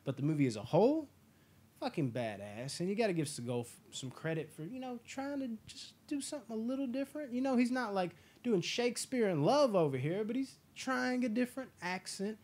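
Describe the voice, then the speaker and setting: A man hosting a casual movie review chat, enthusiastic and profane, acting out scenes in quick impressions. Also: sits high, very animated, a little mellow. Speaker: podcast host.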